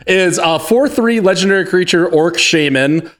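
A man with a somewhat high voice co-hosts a relaxed chat about a card game. He jokes a lot and laughs easily between remarks, reading card text aloud as he goes. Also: moderate pace. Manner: jokey, laughs often, reads cards aloud. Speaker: podcast co-host.

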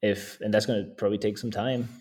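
This is a man with a fairly low voice, chatting as a podcast guest. He talks in a casual, easygoing way and often chuckles between thoughts. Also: level tone, fast, a little mellow. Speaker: guest landscape photographer.

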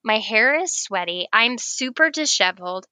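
Guest: woman, higher bright voice, lively storyteller, dry close sound. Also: normal speed, no room sound. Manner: animated, laughs often, acts out quoted lines. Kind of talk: casual storytelling.

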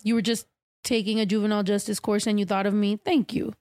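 Woman podcast host, swears a lot, animated storytelling, middle pitch, dry close sound. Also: quick pace, no echo. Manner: profane, blunt, animated storyteller. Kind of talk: casual storytelling chat.

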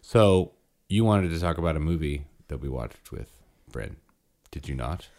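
A man in his thirties co-hosting a podcast, chatting in a relaxed, storytelling way. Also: extremely low pitch, normal speed. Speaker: podcast co-host. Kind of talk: casual chat.

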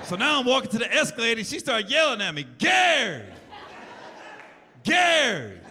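A male stand-up comedian telling a story on stage in an animated, profane and punchy way. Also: very high-pitched, rapid-fire, a little hiss or hum. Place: large live venue. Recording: live hall recording with loud crowd.

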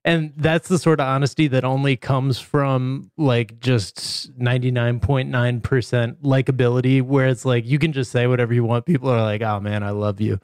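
A man co-hosting a podcast, giving relaxed, amused commentary in casual chat. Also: medium pitch, normal speed, hardly any pauses, clear, resonant tone, no echo, clean studio sound. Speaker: podcast co-host.

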